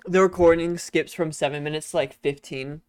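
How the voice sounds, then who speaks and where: A man's voice: a little high, steady tone, moderate pace, darkish tone, smooth, no echo. A young man co-hosting a podcast, chatting casually, teasing his friend and laughing easily. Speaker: podcast co-host. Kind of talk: casual chat.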